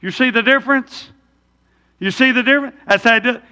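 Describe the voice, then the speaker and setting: A pastor with a very high, brisk voice, pushed and bright yet clean, preaches a folksy sermon in a church sanctuary and fires rhetorical questions at the congregation. Long church reverb fills the recording.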